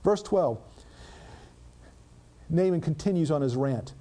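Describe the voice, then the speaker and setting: High, animated male preacher. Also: slow, pauses often. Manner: reads archaic scripture then breaks into dramatic plain-spoken commentary. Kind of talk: sermon with scripture reading.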